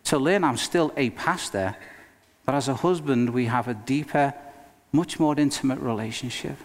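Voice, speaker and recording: Emphatic male pastor preaching in a reverberant hall. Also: medium pitch. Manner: earnest, emphatic preaching with dramatic pauses. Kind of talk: sermon.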